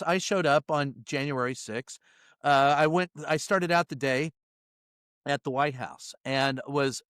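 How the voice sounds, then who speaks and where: A middle-aged man with a fairly high voice tells stories as a guest in a relaxed interview. He speaks bluntly, chuckles through his sentences and slips into the voices of the people he quotes. The sound is dry and close, with no room echo. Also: clean tone. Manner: animated storyteller who acts out quotes and laughs mid-sentence; blunt, salty wording. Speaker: White House reporter, guest. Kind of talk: casual storytelling interview.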